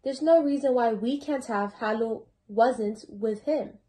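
A woman's voice: on the high side, a little slow, dark tone, lightly acted. A teenage girl reading the lines of a mild, thoughtful male bear in a children's storybook. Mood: gentle.

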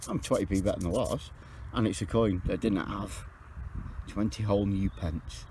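A man talking casually to camera while metal detecting outdoors in a field, excitable and chatty. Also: normal speed, slight background noise. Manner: chatty, excitable, pitch jumps when surprised. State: out of breath.

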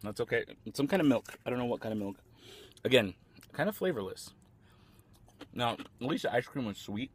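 A man vlogging casually at a fast food restaurant, rambling and talking with his mouth full as he tastes a dessert. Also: mid-range voice, lively intonation, slightly rough. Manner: chatty, rambling, eating while talking. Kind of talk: casual food-tasting vlog.

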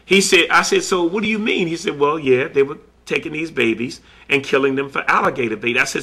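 A man, a collector, slowly retelling a story in earnest with many quoted back-and-forth exchanges. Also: a little high, bright, forceful tone, slightly rough. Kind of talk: recorded personal storytelling.

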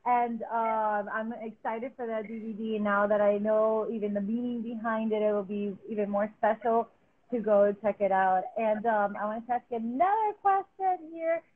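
A woman's voice: on the high side, steady tone, moderate pace, phone-quality sound. A woman hosting a casual interview on a phone video call, encouraging and eager, and reading her questions from notes. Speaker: host, interviewer. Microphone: phone on a live video call.

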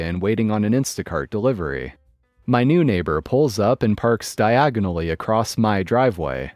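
A man narrating a written story in a steady scripted read. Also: on the low side, no room sound, clean studio sound.

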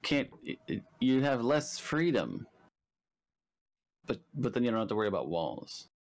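A man playing a board game, thinking out loud and second-guessing his moves with self-deprecating humor. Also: mid-range voice, very animated, normal speed. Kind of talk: casual chat during a game.

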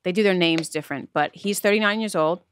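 A woman's voice: lowish voice, quick pace, slight background noise. A woman co-hosting a podcast, recounting a story in casual chat.

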